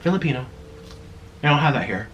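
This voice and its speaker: A man's voice: on the high side, very animated, brisk, fairly bright tone, dull audio, a little hiss or hum. A man chatting casually while eating on camera, rambling and laughing at himself. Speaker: mukbang vlogger.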